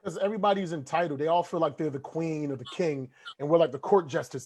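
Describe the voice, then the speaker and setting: A man hosting a casual podcast, talking in a profane, animated way. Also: a little high. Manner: fast, profane, animated storytelling. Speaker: podcast host.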